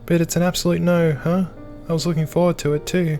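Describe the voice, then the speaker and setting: Excited young woman in a game, voiced by a man: bubbly, high, eager. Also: fast talker, soft background music, close to an everyday voice. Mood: teasing.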